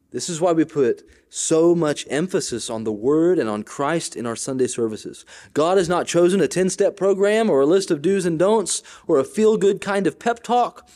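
Animated preacher man with a lively voice. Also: fairly high pitch. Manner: animated preaching with wide swings between loud and quiet; conversational asides to the congregation. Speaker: pastor. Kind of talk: sermon.

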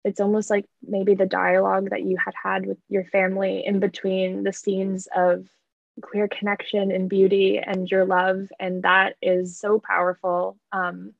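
A woman hosting a podcast interview, speaking slowly with warm, gushing praise and halting pauses. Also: medium pitch, monotone, creaky, no room sound. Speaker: podcast host. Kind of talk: interview conversation. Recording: dull, dry lo-fi audio.

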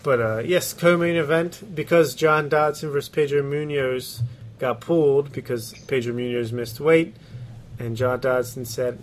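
A man's voice: medium pitch, steady tone, a little slow, a little hiss or hum. A man co-hosting a casual sports podcast, laughing often and giving blunt opinions with casual swearing. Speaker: podcast co-host.

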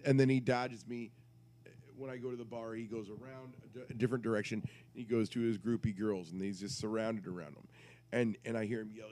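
A man's voice: mid-range voice, dark tone. A man on a podcast, telling a rambling, crude story in casual chat and interrupting himself as he goes. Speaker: podcast co-host.

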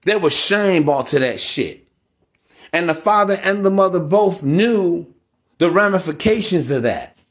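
A man's voice: sits high, lively intonation, a little slow. A man hosting a podcast in a casual monologue, talking bluntly with profanity and a preachy edge. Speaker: podcast host.

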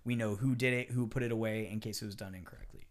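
A man who works as a chef, talking casually on a podcast and swearing freely as he acts out kitchen quotes with animated energy. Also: lowish voice, quick pace.

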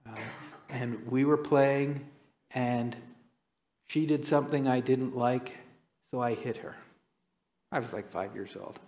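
A man preaching a sermon, telling stories and acting out quoted lines with sudden jumps in pitch. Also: a little mellow. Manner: storytelling, acts out quotes with dramatic pitch jumps.

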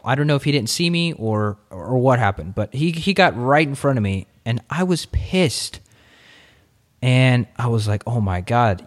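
A man hosting an interview podcast, telling stories in a lively, expressive way. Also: mid-range voice. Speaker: podcast host. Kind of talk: casual interview chat.

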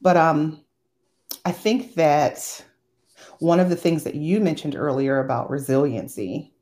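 A woman co-hosting a podcast, chatting in a relaxed, easygoing way and laughing easily. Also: deep voice, a little slow. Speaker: podcast co-host. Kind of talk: casual chat.

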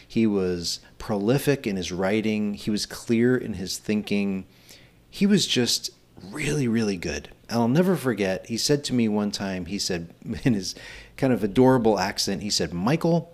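Middle-aged male podcast host, slightly low voice, earnest encouraging delivery. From Pennsylvania. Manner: earnest, encouraging, rhetorical questions. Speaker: podcast host, nonprofit executive director. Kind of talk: solo podcast monologue.

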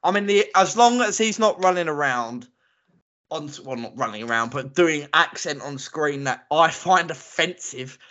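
Ranting opinionated man, bright voice. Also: a little high, animated, normal speed. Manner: opinionated, ranting, laughs often. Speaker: podcast co-host. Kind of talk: casual chat. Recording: lo-fi muffled audio.

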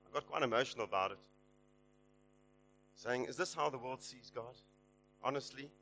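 A man preaching a sermon, exhorting his listeners and rising loud and high on the promises. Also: moderate pace, soft background music, poor audio.

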